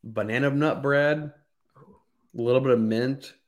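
A man co-hosting a whiskey podcast, eager and excitable while tasting. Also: mid-range voice, unhurried. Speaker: podcast co-host. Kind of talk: casual chat, whiskey tasting.

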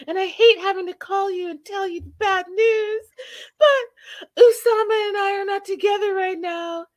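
A woman voicing an upset sixty-seven-year-old woman confronting her partner, high and tearful. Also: steady tone, moderate pace, no echo.

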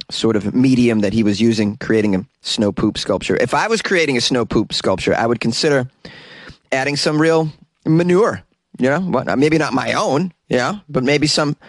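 A man's voice: medium pitch, normal speed, dry recording. A man hosting a comedic weird-news podcast from a small closet, reading stories and drifting into rambling, self-mocking asides. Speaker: podcast host.

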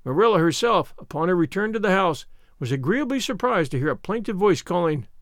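A man reading a classic novel aloud as narrator, in an expressive storytelling manner. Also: sits high, brisk, no room sound, clean studio sound. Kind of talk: audiobook reading.

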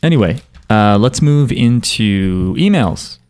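A young man co-hosting a podcast in casual chat, laid-back and rambling, quick to joke, recorded in an apartment room. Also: medium pitch, lively intonation, a little mellow. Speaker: podcast co-host.

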